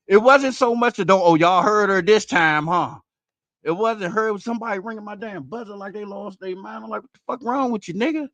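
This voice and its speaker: A man's voice: high-pitched, fairly quick, no room sound. Breathless, cussing man hosting a stream. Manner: profane, rambling, excitable. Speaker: host. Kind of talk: casual stream commentary.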